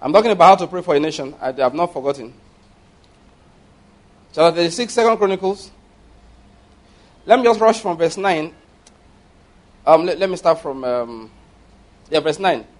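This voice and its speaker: High-voiced man preaching emphatically. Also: animated. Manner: emphatic, rising and falling with stress, asks the congregation questions; reads scripture aloud slowly and forcefully. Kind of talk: sermon.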